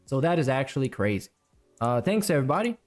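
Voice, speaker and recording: A man closing his stream with a hesitant, drawn-out recap. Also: medium pitch, very animated, darkish tone, soft background music.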